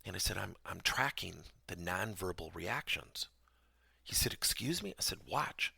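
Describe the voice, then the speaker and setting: A man with a gravelly, bright-edged voice delivers a podcast lesson. His pitch swings widely as he tells stories, and the sound is dry and close, with a husky grain. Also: a little slow, no room sound. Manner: animated storytelling, acts out dialogue in raised voice. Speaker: podcast host and trainer.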